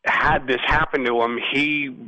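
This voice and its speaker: Bright, animated man telling stories. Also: medium pitch, unhurried, dry recording, rough recording. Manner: rambling, animated storytelling; frequent "you know what I mean". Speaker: musician guest. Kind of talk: casual storytelling interview.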